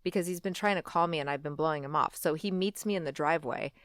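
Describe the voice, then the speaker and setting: A woman's voice: fast, dry recording, clean studio sound. A woman in her forties telling a personal story in a candid, conversational interview, full of "like" and "you know", often acting out what she said back then. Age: 40s. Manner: conversational, fillers like "like" and "you know", acts out her own past lines; drops quiet and low when recalling regret. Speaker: guest.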